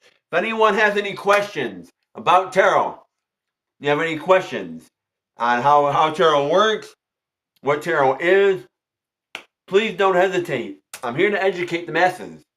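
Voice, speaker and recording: A high-pitched man chats loosely with his livestream viewers, circling back to the same phrases again and again. He greets people by name and talks in a relaxed, repetitive flow as a tarot reader waiting for clients. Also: a little slow. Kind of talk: casual livestream chat.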